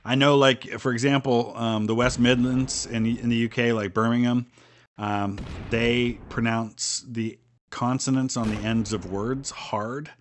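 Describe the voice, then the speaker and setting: Streaming a strategy board game for his viewers, this middle-aged Northeast Ohio man speaks casually in a Midwestern American accent, full of ums and restarts. His medium-pitched voice is unhurried and fairly even, with a little hiss or hum on the recording.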